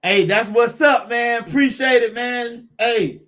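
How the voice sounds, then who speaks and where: A man's voice: very high-pitched, unhurried, fairly bright tone. Guy hosting a car livestream, laid back, hypes up the chat, says man a lot, takes his time. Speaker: car channel host. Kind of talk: live stream chat with viewers.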